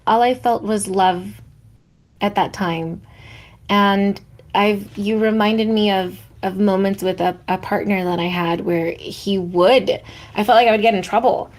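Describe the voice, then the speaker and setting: A woman co-hosting a podcast, sharing personal stories in a warm, reflective way. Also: mid-range voice, steady tone, unhurried. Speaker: podcast co-host. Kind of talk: heartfelt podcast conversation.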